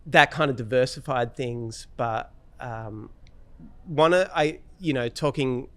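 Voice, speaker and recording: A man's voice: medium pitch, takes it slowly, no room sound. An Australian man in his thirties or forties, a guitarist chatting easily in an interview, with lots of fillers and restarts. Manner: relaxed storytelling with many fillers and restarts. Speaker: guest guitarist. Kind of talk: casual interview chat.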